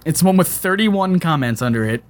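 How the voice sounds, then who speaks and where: A man's voice: fairly high pitch, lively intonation, normal speed. A young man hosting a casual podcast chat, playful and bantering, often restarting his sentences. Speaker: podcast host.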